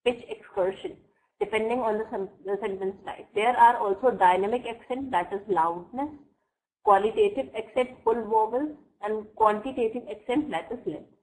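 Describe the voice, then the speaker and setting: Woman lecturer, slightly high voice, reads out notes, checks in with "right?", online class. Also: moderate pace, darkish tone, rough recording. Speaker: English teacher.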